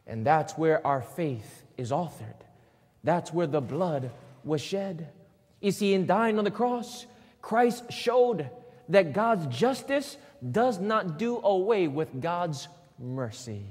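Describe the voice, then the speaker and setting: High-voiced preacher in an echoing hall. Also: male voice, expressive, takes it slowly, a little mellow, husky. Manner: call-and-response, asks the congregation questions; emphatic, repeating key phrases. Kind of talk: sermon. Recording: long hall reverb.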